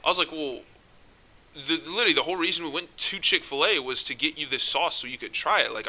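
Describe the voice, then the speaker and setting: A young man ranting casually to camera, swearing a lot and getting exasperated, almost yelling when he gets worked up. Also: on the high side, expressive, fast talker. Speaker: vlogger.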